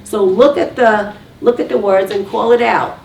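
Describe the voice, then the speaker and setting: Gravelly woman teaching in an echoey room. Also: medium pitch, steady tone, normal speed, darkish tone. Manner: coaching, asks the audience to call out answers. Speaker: communication workshop instructor. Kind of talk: teaching to a group. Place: room with a live audience. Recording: echoey room from far off, faint background noise.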